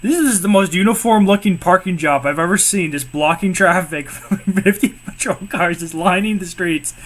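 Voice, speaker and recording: A man's voice: sits high, moderate pace, a bit bright. A man giving casual, exasperated commentary on police footage, swearing and repeating his points. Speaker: co-host reacting to police footage.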